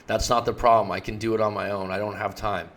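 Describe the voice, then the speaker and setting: An annoyed girlfriend who gives short, clipped answers, read by a man. The voice stays low and everyday. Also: flat delivery, fast talker, a bit bright. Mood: curt.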